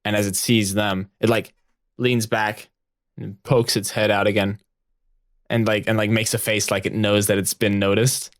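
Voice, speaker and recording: A man's voice: fairly low pitch, level tone, moderate pace, dry recording. Giggly male storyteller, dry close sound. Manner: chatty, giggly, filler-heavy. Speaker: podcast host and storyteller. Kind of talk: improvised storytelling narration.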